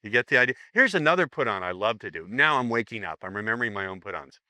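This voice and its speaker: A man leads a live seminar, rambling and joking as he acts out sample lines. His voice sits a little low but sounds bright and sharp. The recording is dry and close. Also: expressive, quick pace, no room sound. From United States. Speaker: seminar teacher.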